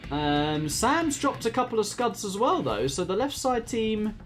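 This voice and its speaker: A man's voice: high-pitched, big pitch swings, unhurried, a bit bright, slight background noise. A man, casting a strategy game tournament in a chatty, laughing commentary style. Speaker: game caster. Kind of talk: casual esports commentary.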